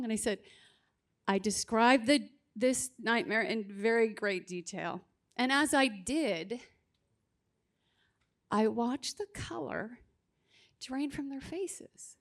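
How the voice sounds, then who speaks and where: Higher-voiced woman, very slow, dramatic testimony at a live conference. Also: expressive. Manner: slow, deliberate, dramatic storytelling. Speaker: abortion survivor panelist. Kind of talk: personal testimony on a panel. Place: conference stage.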